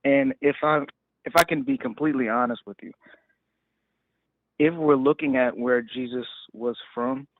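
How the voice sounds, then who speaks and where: A man's voice: mid-range voice, lively intonation, moderate pace, vocal fry, long pauses. Hesitant male caller on a phone line. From Arizona. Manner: hesitant, stammering, laughs nervously. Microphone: phone call. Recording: tinny dry phone line.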